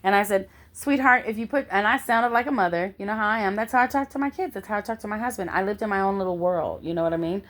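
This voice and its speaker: Animated middle-aged woman telling a story. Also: medium pitch, rapid-fire, hardly any pauses. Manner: animated, constantly checks in with "okay?". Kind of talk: personal storytelling vlog.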